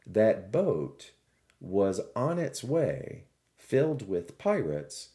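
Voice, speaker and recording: A man voicing God as a calm, solemn male figure who explains a hidden purpose. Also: lowish voice, very slow, pitched above the performer's own voice, full character voice.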